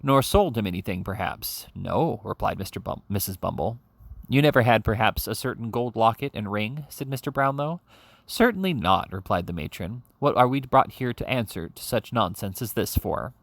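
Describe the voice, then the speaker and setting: A man's voice: lowish voice, animated, moderate pace, vocal fry, no echo. A man reading a classic novel aloud as an audiobook reader, giving the characters' lines a livelier delivery than the narration.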